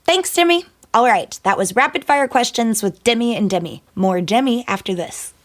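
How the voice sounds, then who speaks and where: A woman interviewer whose voice swings lively up and down as she rattles off quick questions. Her tone is upbeat and brisk. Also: mid-range voice. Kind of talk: rapid-fire interview questions.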